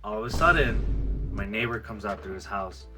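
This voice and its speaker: A man's voice: on the low side, moderate pace, music in the background. A man vlogger telling a personal story in a casual storytime video, acting out what people said. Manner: animated storyteller who acts out quoted lines. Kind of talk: storytime vlog.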